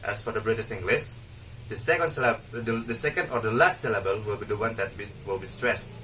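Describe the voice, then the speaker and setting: Bright-voiced young man, a bit hesitant. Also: fairly low pitch, fairly quick, far from the mic, slight background noise, low-quality recording. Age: young adult. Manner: hesitant, with restarts and fillers. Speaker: student presenter. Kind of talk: explaining from notes in a class presentation.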